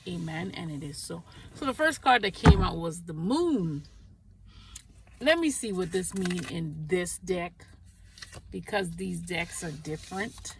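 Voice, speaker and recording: A woman giving a casual spiritual tarot reading, chatty and quick to laugh, stopping to pray aloud between the cards. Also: on the low side, expressive, far from the mic, noisy background.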